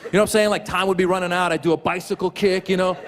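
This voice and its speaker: A man performing a stand-up set, telling self-mocking stories in an animated way. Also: high-pitched, very fast. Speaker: stand-up comedian. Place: comedy stage. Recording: echoey venue with loud audience.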